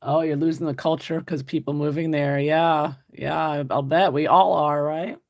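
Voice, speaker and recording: A woman's voice: sits low, fairly even intonation, moderate pace. A woman hosting an art livestream, chatting casually and answering viewer comments while she paints, often laughing.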